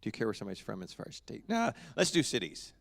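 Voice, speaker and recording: In the sanctuary, a man gives his congregation a relaxed church welcome, joking and chatting without hurry like a down-to-earth pastor. His voice is on the low side and gravelly, with huge pitch swings.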